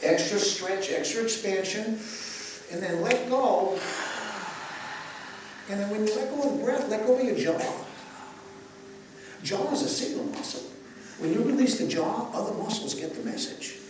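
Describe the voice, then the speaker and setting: An older man leading a guided breathwork session for a live audience, asking gentle questions and slipping in playful jokes. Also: high-pitched, moderate pace, pauses often, noisy background. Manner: gentle guiding questions, joking asides. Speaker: breathwork teacher. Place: large echoey event space. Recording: echoey, distant live event recording with ambience.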